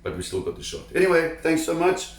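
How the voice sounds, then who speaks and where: A man telling a personal diving story to camera in an animated, emphatic way, repeating words when excited. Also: fairly high pitch, fast, reverberant. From South Africa. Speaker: shark diver telling a story.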